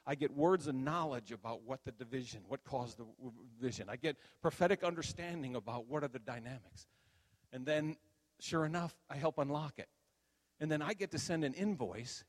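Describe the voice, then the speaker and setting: An older man, a minister, giving a conversational sermon testimony and telling stories that grow animated at the high points. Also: fairly quick, long reverb tail.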